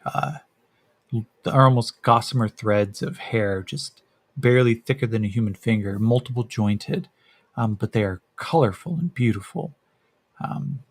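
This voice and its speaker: A man narrating a solo tabletop role-playing game as game master, describing scenes and rolling dice with frequent pauses and fillers. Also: on the low side, dry recording. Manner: hesitant, many fillers, descriptive.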